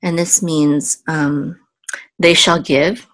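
Patient female language teacher, low voice, dry close sound, sounds out syllables slowly. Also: steady tone, no room sound. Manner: patient, spells out sounds slowly, thinks aloud with ums. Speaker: Hebrew teacher. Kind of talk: casual step-by-step lesson.

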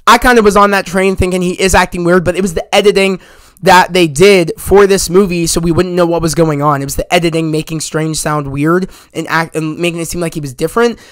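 A man with a dry, close sound talks through a spoiler review in a loose, rambling way, packing his sentences with "you know" and "like." He gets excited as he retells the scenes, and his voice sits high for a man. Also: no room sound. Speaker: movie review channel host.

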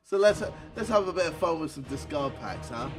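A young man doing gaming commentary on a headset mic, swearing and raging in loud outbursts. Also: a little high, expressive, fairly quick. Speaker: gaming YouTuber. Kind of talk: gaming commentary while opening packs. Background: music.

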